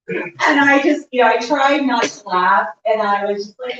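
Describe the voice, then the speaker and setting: A woman's voice: fairly high pitch, a little slow, a little hiss or hum. Woman, middle-aged, live storyteller, amused, laughing, echoey, dull distant sound. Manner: animated, amused, laughs while telling. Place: live story slam at a restaurant.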